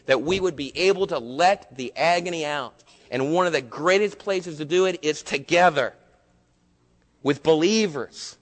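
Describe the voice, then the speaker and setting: Impassioned male pastor with a high voice. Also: in a large hall. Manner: impassioned, swinging from loud emphatic peaks to soft low stretches. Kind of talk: sermon.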